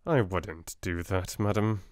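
A man with a British accent reading a soft-spoken audiobook, voicing a shrewd businessman who speaks calmly with a faintly sinister edge. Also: sits low, no room sound, clean studio sound. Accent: British English. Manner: calm, unhurried, faintly sinister. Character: cool, shrewd middle-aged male solicitor.

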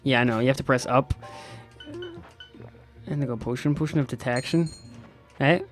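A young man giving sarcastic, excitable let's-play commentary to his viewers. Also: mid-range voice, normal speed, soft background music. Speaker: gaming YouTuber.

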